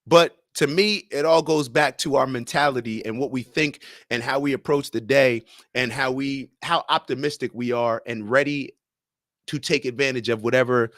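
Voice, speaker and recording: A man's voice: mid-range voice, moderate pace, fairly bright tone, no echo, studio quality. A young man hosting a casual livestream, reading viewer comments aloud and arguing his points with sports comparisons. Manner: argumentative, uses sports comparisons. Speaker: livestream host.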